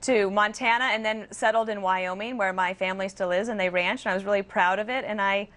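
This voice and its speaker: A woman's voice: medium pitch, steady tone, fairly quick, fairly bright tone. A woman guest on a late-night panel, speaking in a thoughtful, hesitant way in a TV studio. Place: television studio.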